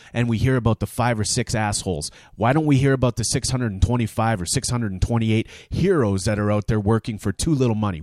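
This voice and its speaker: A man's voice: mid-range voice, a little mellow, dry recording, clean studio sound. A man from Canada hosting his own podcast, delivering a sarcastic, heated comic rant. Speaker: podcast host.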